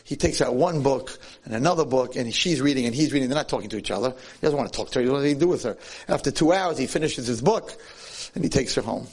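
A man preaches in a storytelling sermon, his voice husky and a little breathy. His pitch leaps and dips as he acts out the tale, keeping the delivery animated throughout. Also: fast. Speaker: Jewish lecturer.

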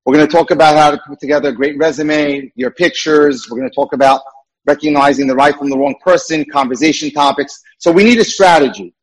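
A man's voice: fairly high pitch, little pitch movement, brisk, rough recording. A man giving a lecture-style talk as a dating mentor, earnest and emphatic, repeating his key points.

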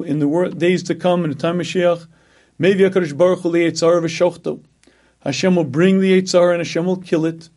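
A man giving a sermon, clearing his throat often and stressing points by repeating words. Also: a little high, darkish tone. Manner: frequent throat clearing, emphatic repetition. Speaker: rabbi giving a talk.

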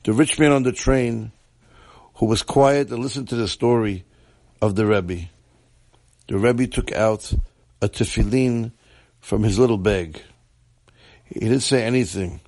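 A man telling a story in a measured, deliberate way. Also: fairly low pitch, darkish tone, no echo.

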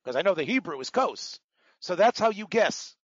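A man teaching a Talmud lesson, his voice sitting a little higher than usual. He wanders into asides and fills pauses with ums while he explains words patiently. The sound is dull and close, with no room around it. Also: very animated, slightly rough, no echo. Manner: digressive, explains terms patiently, many fillers. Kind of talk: lecture with asides.

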